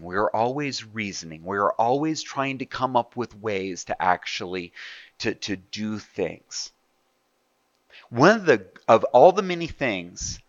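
A man's voice: on the low side, dry recording, highs cut off. A man preaching a sermon in a conversational way, asking his listeners rhetorical questions. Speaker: pastor.

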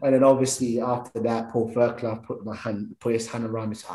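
A man's voice: on the low side, fairly quick, few pauses, reverberant, low-quality recording. A man, a former professional footballer, telling stories from his career in conversation and acting out his thoughts. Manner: animated, acts out his own thoughts and others' words. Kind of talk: storytelling conversation.

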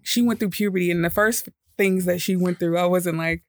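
A woman in her thirties co-hosting a podcast, telling stories in a lively, profane, laugh-filled way. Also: lowish voice, fairly quick, no echo. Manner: animated, profane storytelling with frequent laughter. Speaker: podcast co-host. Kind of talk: casual chat.

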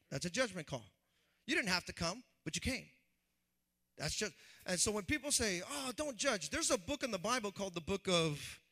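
A pastor with a high voice preaches animatedly and conversationally, taking on the voices of the people he quotes.

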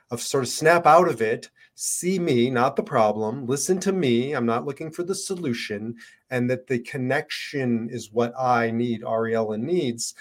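A man co-hosting a podcast, explaining ideas in a reflective, wry, conversational way. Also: medium pitch. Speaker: podcast co-host. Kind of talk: casual podcast chat.

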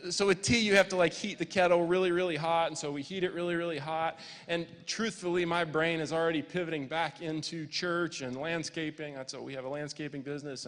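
A man's voice: on the high side, fairly bright tone. A man in his forties, a pastor preaching a sermon, telling a family story with quoted voices and building to fervent preaching. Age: 40s. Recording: long hall reverb.

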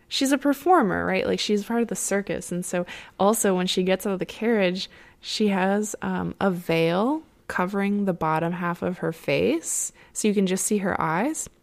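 Rambling young woman with vocal fry. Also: on the low side. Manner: rambling, many fillers and "like"s, laughs often. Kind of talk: casual chat, retelling an opera plot.

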